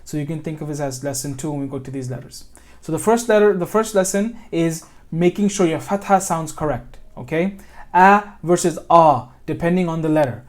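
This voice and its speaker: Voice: medium pitch, expressive, a little mellow. Patient American tajweed tutor. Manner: patient, checks understanding with frequent "okay?"; models Arabic sounds slowly, corrects self mid-sentence. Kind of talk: one-on-one online lesson.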